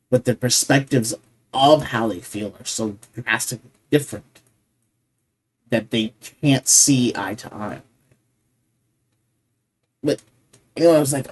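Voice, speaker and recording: Hosting a reaction video, a man talks through his thoughts casually and earnestly in a medium-pitched, darkish voice, with a little hiss or hum in the audio. He frequently restarts sentences as he thinks and keeps asking "right?"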